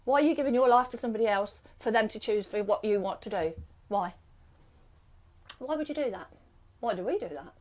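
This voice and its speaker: This live-stream host and card reader is a middle-aged woman with a British accent who chats casually, rambling from one rhetorical question to the next. She speaks a little fast at medium pitch, with lively intonation, long pauses, and a slightly mellow quality.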